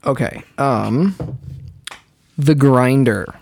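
A man's voice: mid-range voice, extremely slow, gravelly, a little mellow. A man running a casual TV-show quiz with a friend, teasing, laughing a lot and swearing now and then. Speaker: podcast co-host running a TV quiz. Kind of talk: casual chat.

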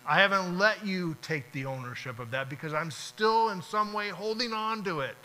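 Speaking at normal speed, a male pastor with a high, bright, forceful voice delivers a conversational sermon, acting out little prayers and exchanges. There's a bit of hiss or hum on the rough recording.

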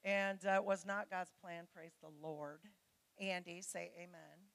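A middle-aged pastor's wife gives a conversational sermon to her church, chatty and candid, full of family stories, laughs and mimicked voices. Her voice is lowish, gravelly and a bit bright, with fairly even intonation and a slightly slow pace.

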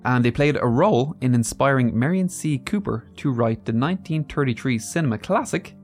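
A man's voice: medium pitch, lively intonation, brisk, a little mellow, faint music behind. A man co-hosting a podcast, telling facts in a loose, chatty way with asides. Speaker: podcast co-host. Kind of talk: casual storytelling chat.

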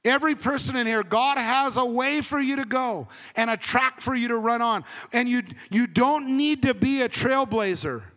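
A man preaching a conversational sermon as pastor, swinging between emphatic and hushed. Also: extremely high pitch, normal speed, hardly any pauses, in a large hall.

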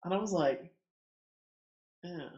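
A middle-aged man with a fairly high voice tells stories as a midwife, lively and fond of acting out other people's voices. The sound is roomy, with a noticeable echo around him. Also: fairly quick, highs cut off. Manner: animated, acts out quoted voices, laughs often. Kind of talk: casual storytelling in conversation.

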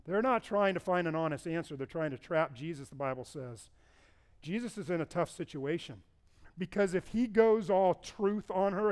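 A man preaches a sermon, telling the stories in an animated way and putting on voices for the people in them. His voice sits high and sounds smooth. He jumps between calm teaching and loud, excited retelling. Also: moderate pace. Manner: animated storytelling, acting out the people in the story with a raised voice. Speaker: pastor.

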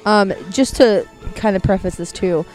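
A woman co-hosting a casual podcast, chatting and reading food and drink items slowly and carefully, recorded outdoors. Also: mid-range voice, a little mellow, soft background music. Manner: chatty, reads item names slowly and carefully. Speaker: podcast co-host. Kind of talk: casual chat reading a menu. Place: outdoors at home.

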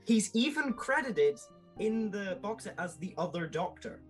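A man talking enthusiastically as a podcast guest, with quick asides and laughs. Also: high-pitched, very animated, faint music behind, low-quality recording. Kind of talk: casual podcast chat.

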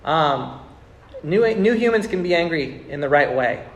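A man's voice: fairly high pitch, lively intonation, unhurried, gravelly, echoey room, lo-fi sound, a little hiss or hum. A man in his thirties preaching a sermon to a congregation, talking casually, repeating words and building to emphatic bursts. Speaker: pastor. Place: church sanctuary with congregation.

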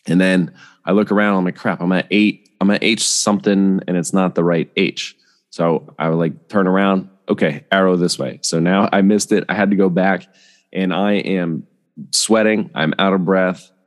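A very deep-voiced man spinning a casual, rambling story, peppered with "you know" and "right?" asides. His voice carries a long reverb tail, as if recorded in a large, live room. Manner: chatty, rambling, many fillers and asides. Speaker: podcast host telling a travel story.

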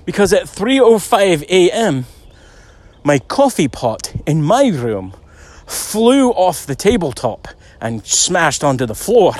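Man quoting a hotel worker, excitable, blunt, raised voice, sweary. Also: sits high, slow pace, no echo, voice pushed up, exaggerated voice. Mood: excited.

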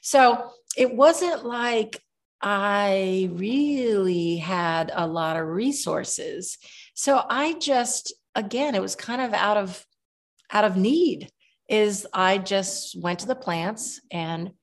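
A woman in her seventies, a guest herbalist, telling long rambling stories in a relaxed interview, with many restarts. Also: medium pitch, slow. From Kentucky.

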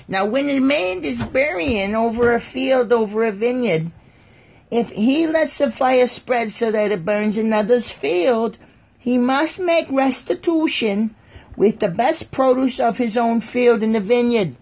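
A woman's voice: fairly high pitch, unhurried, vocal fry, a little mellow. A woman casually reading scripture aloud on a livestream, breaking off to joke and riff on the text to her chat. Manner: jokey, reads aloud then riffs and mocks the text.

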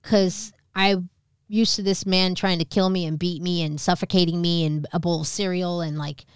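A woman's voice: lowish voice, steady tone, normal speed, smooth, dry recording, clean studio sound. A woman in her thirties casually telling a personal story on a podcast, candid and swearing, acting out the other people in it. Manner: candid, swearing, acts out quoted voices. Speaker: podcast co-host.

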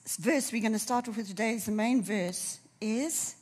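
A woman's voice: a little high, moderate pace, darkish tone, breathy edge. A woman preacher with a runny nose, delivering a sermon and repeating key phrases for emphasis.

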